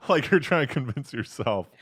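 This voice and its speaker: A man co-hosting a comedy podcast, teasing his partner in casual banter with loud, laughing outbursts. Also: no echo. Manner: lively, teasing, bursts into high laughing exclamations. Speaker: podcast co-host.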